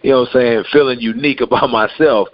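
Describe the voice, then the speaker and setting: A man born in America telling a story on a podcast in a relaxed, rambling way with many fillers. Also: medium pitch, quick pace, no room sound, dull audio. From United States. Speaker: podcast host. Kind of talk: casual storytelling.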